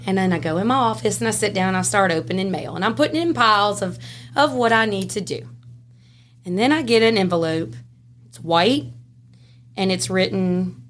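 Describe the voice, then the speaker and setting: A woman with a Louisiana Southern accent, a podcast guest telling a story in casual, animated fashion, laughing and swinging between loud and hushed. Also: medium pitch, slight background noise. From Southern United States. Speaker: podcast guest, former prison classification officer.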